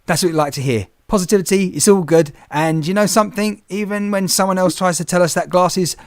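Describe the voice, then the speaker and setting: A man's voice: sits high, quick pace, dry recording, studio quality. A man hosting a podcast, chatty and rambling, with many restarts. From England. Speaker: podcast host. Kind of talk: casual interview chat.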